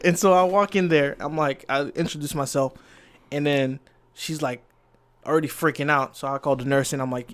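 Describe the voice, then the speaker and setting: A man's voice: on the high side, normal speed, clean tone. A man co-hosting a podcast, casually telling a story from work, acting out what people said and getting exasperated when he is interrupted. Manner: animated, acts out quotes, exasperated at interruptions.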